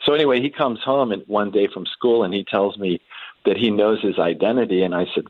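A middle-aged man telling a story about his son in a relaxed, halting way, with many restarts and fillers. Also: lowish voice, dry recording, phone-quality sound. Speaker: guest parent telling a family story. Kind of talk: casual storytelling in a faith podcast interview.

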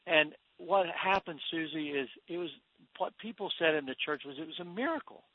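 A man's voice: a little high, normal speed, a little hiss or hum. A man, a financial expert, is a guest on a radio interview, telling a personal story in an earnest, heartfelt way. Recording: tinny phone line, dry.

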